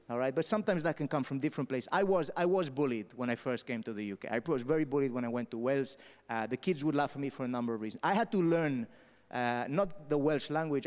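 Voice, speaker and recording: A young man raised in Spain tells stand-up stories on a festival stage at a quick clip. His voice sits a little high for a man. He is punchy and keeps checking in with "all right?", and the sound carries a long hall reverb. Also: darkish tone. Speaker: stand-up comedian.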